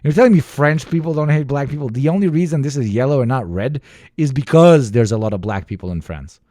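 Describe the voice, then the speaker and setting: Young man from the Balkans, reaction streamer; profane, animated rants, dry and close. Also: mid-range voice, fast talker, no echo. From former Yugoslavia, Balkans. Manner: profane, ranting, mimics others. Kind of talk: casual reaction commentary.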